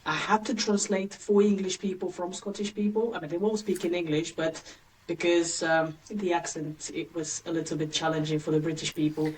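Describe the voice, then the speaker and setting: Bulgarian lady guest on a podcast, lowish voice, kinda distant from the mic, laughs a lot. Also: fairly even intonation, a little mellow, slight background noise. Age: late 30s. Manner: chatty, laughs often, quick asides. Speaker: guest, agency founder. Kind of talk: casual interview chat.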